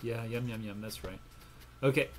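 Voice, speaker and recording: A man's voice: medium pitch, steady tone, normal speed, a little hiss or hum. A man hosting a gameplay video, chatting casually and telling a long, rambling joke with lots of ums and restarts. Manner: rambling, self-interrupting storyteller. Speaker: gaming channel host.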